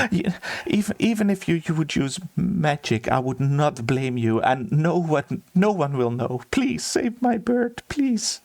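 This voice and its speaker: A fussy, stammering steward fawns over his pet bird in a high, lively voice, put on by a man running a tabletop game. He gushes and pleads, his words tumbling out in rushes. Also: no room sound, close to an everyday voice.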